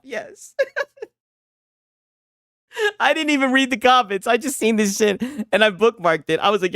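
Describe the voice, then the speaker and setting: A man's voice: sits high, a little slow, pauses often, fairly bright tone, dry recording, clean studio sound. A man hosting a casual gaming livestream, reading chat aloud, talking loose and profane with frequent laughs and restarts.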